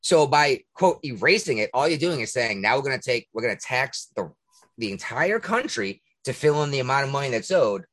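A man hosting a podcast, ranting in casual talk, profane and indignant, with a husky voice. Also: mid-range voice, sing-song, brisk, a bit bright. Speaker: podcast host. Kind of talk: heated casual rant.

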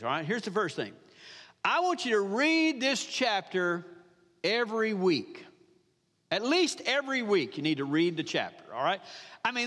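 High, lively preacher in a reverberant hall. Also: male voice. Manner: emphatic, repeats phrases, asks the congregation questions. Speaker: pastor. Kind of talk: sermon.

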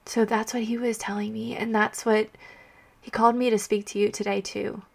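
A young woman hosting a Catholic podcast, sharing her faith in a heartfelt, soft-spoken way, often dropping to a hushed near-whisper and tearful at times. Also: fairly high pitch, flat delivery, normal speed, gravelly.

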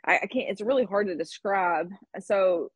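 A woman's voice: mid-range voice, moderate pace, slightly rough, dry recording. A woman in her thirties telling a personal story in conversation, candid and reflective, with laughs between thoughts. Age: 30s. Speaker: guest.

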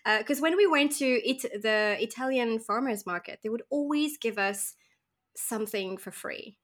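Guest: higher-voiced woman from Mauritius, animated storyteller, casual chat. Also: moderate pace. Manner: animated storyteller, acts out voices and laughs often. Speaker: podcast guest.

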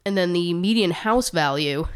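Unhurried and a bit breathless, this woman co-hosts a podcast, reading statistics aloud and adding asides in casual chat. Her voice is lowish, clear and resonant.

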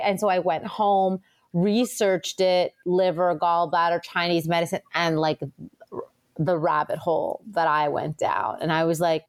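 A woman acupuncturist chatting casually as an interview guest, telling stories in a lively way with lots of fillers. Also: fairly low pitch, a little slow. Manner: chatty, animated storytelling with many fillers.

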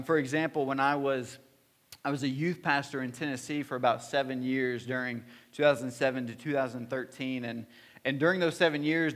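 A pastor in his thirties tells personal stories in a church hall sermon, his medium-pitched voice a bit bright. He preaches earnestly, restarting often and using plenty of fillers.

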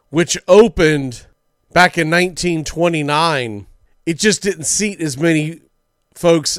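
A man's voice: a little high, a bit bright, no echo, clean studio sound. A man hosting sports talk radio, telling old game stories in a chatty way with small slips.

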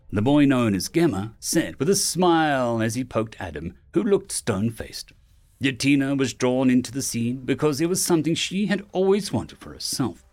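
A man reads a fantasy web novel aloud as an audiobook, with a lively delivery. He raises his pitch when voicing the characters' lines.

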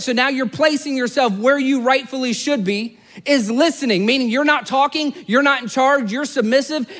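A man's voice: sits high, fairly bright tone. A man preaching a sermon in an earnest, conversational storytelling manner. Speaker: pastor.

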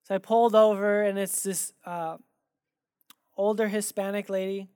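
Conversational pastor telling stories, dry sound. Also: male voice, high voice, normal speed, clear, resonant tone, dry recording. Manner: animated, acts out quoted dialogue in his stories. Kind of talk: sermon with conversational storytelling.

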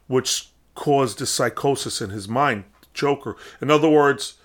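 A man's voice: mid-range voice, measured pace. A man casually recapping a film, rambling on with frequent restarts and fillers.

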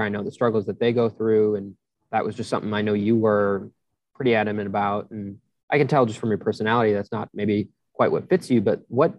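Male host, lowish voice, loose rambling questions, dry muffled recording. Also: no room sound. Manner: searching, loosely phrased questions with restarts. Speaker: podcast host. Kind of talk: interview questions. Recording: dull, slightly muffled dry audio.

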